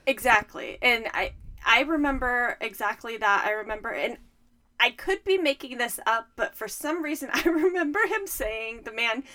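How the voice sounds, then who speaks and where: Bright, rambling young woman. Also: on the high side, normal speed. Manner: rambling, self-correcting. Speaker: podcast co-host. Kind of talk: casual chat.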